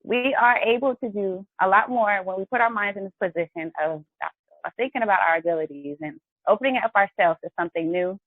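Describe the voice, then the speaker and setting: A chatty woman hosts a live wellness show, cheering her viewers on and calling them guys. Her voice sits at a middle pitch and sounds dry and close. The audio has a thin, phone-like quality. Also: a little fast, no echo. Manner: chatty and encouraging, often addresses viewers as guys. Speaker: host of a health and wellness show. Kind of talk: upbeat live-stream talk.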